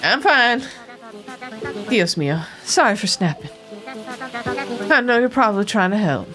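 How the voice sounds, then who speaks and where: A woman's voice: mid-range voice, sing-song, a little slow, music in the background. A woman voicing a hot-tempered, grieving cowgirl painter in a wobbly put-on accent sprinkled with Spanish words.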